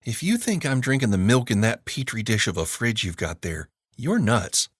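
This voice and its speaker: A man's voice: mid-range voice, very animated, moderate pace, breathy edge, dry recording, voice pushed up. A man voicing a sarcastic, proud teenage girl in an audiobook, giving dry, sassy retorts.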